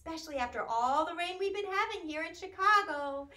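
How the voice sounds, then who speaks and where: High, sing-song music teacher. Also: female voice, a little fast, echoey room. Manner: animated, sing-song, playful animal sounds. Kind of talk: sing-along music class for young children.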